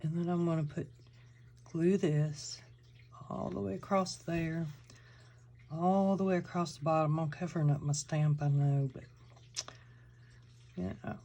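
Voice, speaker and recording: Low, mellow Southern woman crafting. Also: steady tone, unhurried, long pauses. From Georgia, US. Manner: chatty, thinking aloud while working. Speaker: crafting channel host. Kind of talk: casual crafting tutorial.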